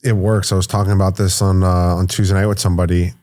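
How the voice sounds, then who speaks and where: A man's voice: low-pitched, level tone, fast talker, a little mellow. A man hosting a podcast. He chats casually in a laid-back way, says "bro" often and shares his own experience. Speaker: podcast host. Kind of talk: casual conversation.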